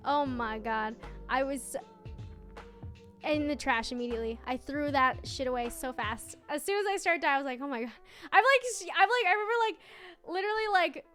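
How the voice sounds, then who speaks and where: A young woman streamer chatting casually with her viewers, telling a story in an animated way with lots of laughing and fillers. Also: high voice. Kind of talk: casual live-stream chat.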